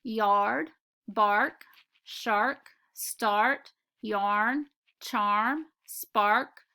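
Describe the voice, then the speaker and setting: A woman teaching a phonics lesson, speaking slowly and deliberately as she walks through spelling rules. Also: on the high side, bright, forceful tone. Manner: slow, deliberate and instructive.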